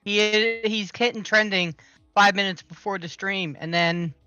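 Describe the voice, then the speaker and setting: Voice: mid-range voice, normal speed, bright, forceful tone, smooth, dry recording, dull audio, soft background music. A speaker in a casual online voice chat who talks scornfully about someone. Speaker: voice chat participant. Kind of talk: casual discussion.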